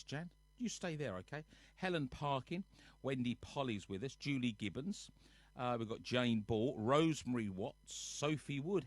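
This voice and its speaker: Male home livestream host, mid-pitched, chatty and jokey as he runs through viewer names, dry close sound. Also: expressive, moderate pace, no room sound. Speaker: singer hosting a nightly livestream. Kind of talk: casual livestream chat greeting viewers. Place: at home on a sofa.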